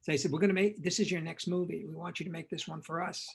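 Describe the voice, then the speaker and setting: An older man, a film director and interview guest, telling animated anecdotes and acting out the dialogue in them. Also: a little high, fast, creaky, husky, low-quality recording. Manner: lively raconteur, acts out quoted dialogue, frequent repetitions.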